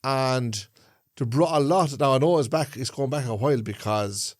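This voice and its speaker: A man's voice: medium pitch, moderate pace, no echo, clean studio sound. Irish Traveller man rambling in chat. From Ireland. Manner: rambling, checks in with "do you get what I'm saying". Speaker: podcast co-host. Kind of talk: casual chat.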